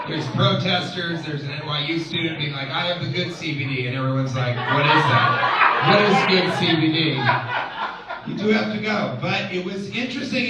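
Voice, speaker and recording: A man does stand-up crowd work, rambling and mock-serious, always sarcastic. His voice runs fairly high. It is caught from far off in a very echoey room, with an audience plainly audible. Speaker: stand-up comedian. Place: comedy club stage.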